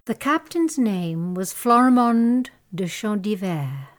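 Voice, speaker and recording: A woman playing an anxious, tender young noblewoman in an amateur audio drama, with a soft, hesitant delivery. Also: medium pitch, expressive, takes it slowly.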